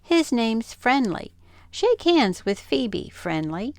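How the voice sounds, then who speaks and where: A sensible storybook mother, patient and firm, with a lively lilt and a little gravel in her voice, as an older woman reads her part. The recording is close and dry. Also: a little high, takes it slowly, dry recording, voice pushed up, heavily acted. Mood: calm.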